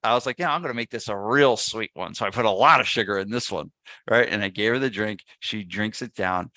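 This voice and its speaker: Man, podcast guest, low bright voice, animated storyteller, dry close sound. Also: brisk, dry recording. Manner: animated anecdote teller, acts out quotes. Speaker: podcast guest, gym business owner. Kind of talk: storytelling in casual interview.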